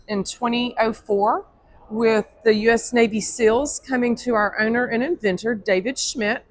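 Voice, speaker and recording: Upbeat woman pitching a product. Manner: upbeat, explanatory sales pitch. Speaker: company representative.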